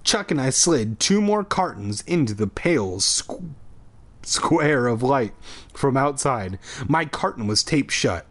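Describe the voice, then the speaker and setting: A man's voice: mid-range voice, animated, slow, fairly bright tone. A man hosting a podcast, reading a spooky children's book aloud with irreverent, profane comic asides.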